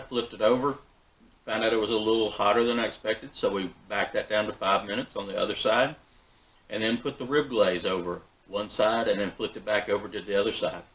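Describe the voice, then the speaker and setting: Low-voiced man, folksy BBQ host. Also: poor audio. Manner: relaxed, folksy, with frequent fillers and restarts. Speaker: backyard BBQ channel host. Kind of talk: casual cooking vlog. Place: backyard.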